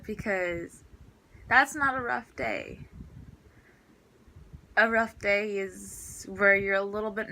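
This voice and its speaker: A woman's voice: medium pitch, sharp tone, a little hiss or hum, poor audio. A teenage girl ranting in a storytime vlog about her school day, exasperated and full of fillers. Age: teens. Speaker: student vlogger.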